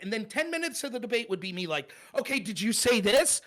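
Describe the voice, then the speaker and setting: High, lively-voiced male podcast guest. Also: moderate pace. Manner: animated, mimics opponents in quoted voices. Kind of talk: casual debate storytelling.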